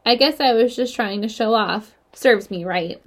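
A woman reading aloud and voicing a young male pig who is eager, boastful and excitable in a storybook. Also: fairly high pitch, moderate pace, close to an everyday voice. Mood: deflated. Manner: excitable, earnest, eager to please.

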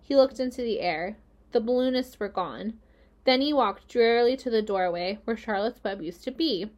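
A woman reading a children's novel aloud in a gentle storytelling voice. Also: a little high, normal speed, lo-fi sound. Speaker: reader.

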